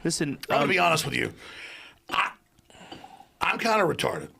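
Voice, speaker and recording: Woman faking a gravelly, very low man's voice, slow and flat, with noise behind and a distant sound. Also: exaggerated voice. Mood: deadpan. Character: deep-voiced blunt "legendary" man.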